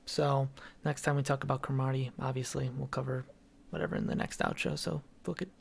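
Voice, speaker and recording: A man's voice: medium pitch, sing-song, brisk, vocal fry, slight background noise. A man hosting a casual podcast chat, teasing his co-hosts with a joking, profane manner. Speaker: podcast host.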